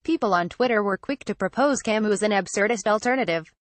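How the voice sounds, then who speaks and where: A woman narrating a trade-policy newsletter as scripted news, with a measured, even delivery. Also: medium pitch, no echo.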